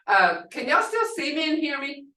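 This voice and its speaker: Woman, online class, halting delivery, lively pitch, roomy distant sound. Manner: slow, halting, explains with examples. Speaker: language instructor. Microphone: video call. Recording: echoey room, away from mic.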